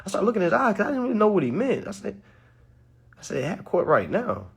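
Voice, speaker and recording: A young man telling a story to his audience, acting out the quotes with sudden high bursts and laughs. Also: huge pitch swings, fast, gravelly, husky. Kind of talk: animated storytelling talk.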